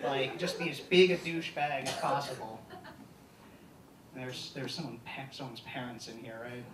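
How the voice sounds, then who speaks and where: A young man doing a stand-up comedy set, deadpan and halting with many ums, on a live comedy stage. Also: medium pitch, noisy background. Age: young adult. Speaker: student stand-up comic. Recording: echoey hall, distant mic, audience laughter.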